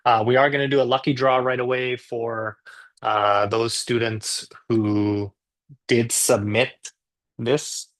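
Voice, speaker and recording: A man's voice: mid-range voice, flat delivery, takes it slowly, a bit bright. A Canadian man teaching English, chatting casually and joking with his viewers during a live class. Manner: chatty, joking, self-deprecating.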